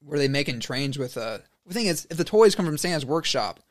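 A man's voice: fairly high pitch, very animated, fairly quick, dry recording, studio quality. A man co-hosting a casual chat, rambling and restarting his sentences often.

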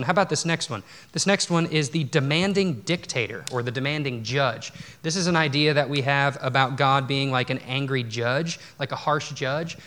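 A man delivers a sermon to a church congregation in a conversational, unpolished way. His voice sits a little on the high side, and he restarts phrases often and drifts into self-deprecating asides before returning to his point. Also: fairly bright tone. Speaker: pastor. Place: church sanctuary.

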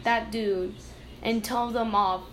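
A woman's voice: a little high, steady tone, slow pace, slight background noise. A young woman chiming in to a casual podcast discussion, blunt and brief.

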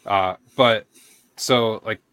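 A man's voice: on the low side, steady tone, drawn-out words, fairly bright tone, clean tone, no room sound. A man co-hosting a podcast, chatting loosely and correcting himself as he goes. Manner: loose and conversational, corrects himself mid-sentence. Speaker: podcast co-host. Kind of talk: casual podcast chat.

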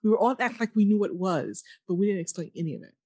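A woman with a husky, mid-range voice co-hosts a casual podcast, recapping a TV episode. She's animated, acting out the characters' lines in quick impressions. The recording is studio quality with no echo.

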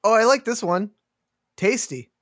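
Laid-back man host, wry, slow delivery, dry close mic. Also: high-pitched, animated, a bit bright, dry recording. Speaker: podcast host. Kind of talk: casual podcast banter.

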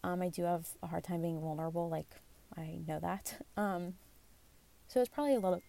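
A woman's voice: lowish voice, brisk, gravelly, warm tone. A woman in her twenties telling a personal story in a candid, rambling way, full of fillers and self-deprecating asides, recorded on basic equipment at home. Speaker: vlogger. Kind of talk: casual confessional storytelling. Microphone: phone or basic mic.

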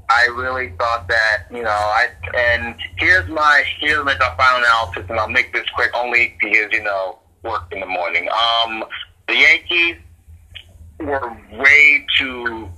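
A man's voice: medium pitch, a little slow, pushed and bright, poor audio. A man co-hosting a casual sports podcast, rambling and repeating himself with lots of fillers. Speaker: podcast co-host.

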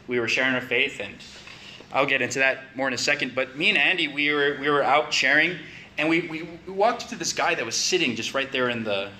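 A man's voice: medium pitch, a little fast, sharp tone, a little hiss or hum. A man preaching a conversational sermon, building to emphatic questions.

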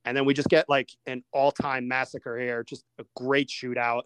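Guy hosting a movie review show, smooth clear voice, dry close mic, keeps things moving. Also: mid-range voice, dry recording. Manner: animated, quick asides, steers the discussion. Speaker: podcast host. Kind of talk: casual movie-review chat.

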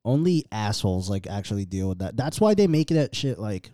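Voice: medium pitch, big pitch swings, fairly quick, warm tone. A podcast co-host chatting in a laid-back, joking way. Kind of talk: casual chat.

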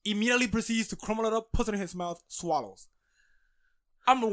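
A young man telling a story in casual chat, animated and profane, often laughing. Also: high-pitched, quick pace.

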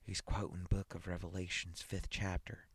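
A man reading aloud and voicing a calm, matter-of-fact male psychologist who questions and coaxes. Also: deep voice, moderate pace, breathy edge, no room sound. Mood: urgent hush. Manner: steady, coaxing, matter-of-fact.

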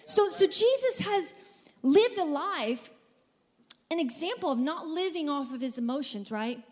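A woman pastor preaching a sermon to a congregation in a church, with energetic, emphatic delivery and repeated phrases. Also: high-pitched, unhurried. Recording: reverberant church hall.

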